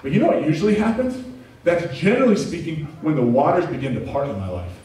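A pastor preaching a sermon, telling personal stories with animated, self-deprecating humor. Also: male voice, fairly high pitch, fast talker. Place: church sanctuary. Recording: very echoey room, distant mic, faint noise.

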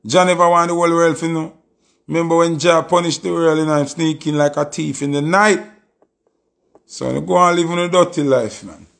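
A man's voice: a little high, steady tone, normal speed, creaky, fairly bright tone. A man with a Jamaican Patois accent, talking casually on a live stream and telling a story with emphatic, repeated oaths.

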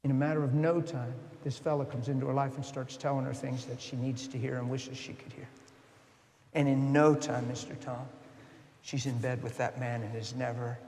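A man preaching a storytelling sermon, swinging from hushed asides to loud, impassioned peaks. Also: medium pitch, level tone, a little fast. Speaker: guest preacher. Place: church sanctuary. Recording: long church hall reverb.

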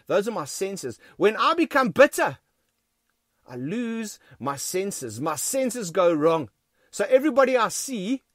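A pastor with a South African accent and a high voice preaches a sermon in a church, recorded with studio quality and no echo. He's emphatic, repeats key phrases and often addresses the congregation as friends.

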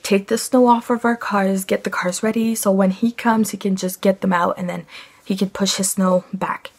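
Husky-voiced young woman vlogger. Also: medium pitch. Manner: annoyed, rambling, many fillers. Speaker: family vlogger. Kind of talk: casual storytime vlog.

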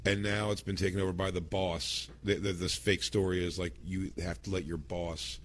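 A man's voice: sits low, level tone, moderate pace, a little hiss or hum. A man co-hosting a comedy podcast, riffing crudely in casual chat and acting out little scenes. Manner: crude, riffing, acts out bits. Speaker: podcast co-host.

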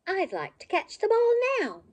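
A woman voicing a small, hopeful, polite male puppy in a storybook, with a high, eager and pleading manner. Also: huge pitch swings, normal speed, exaggerated voice.

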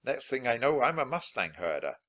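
A man's voice: mid-range voice, sing-song, fairly quick, bright, forceful tone, pitched above the performer's own voice. A man voicing an easygoing adult cowboy who herds mustangs, with a folksy drawl.

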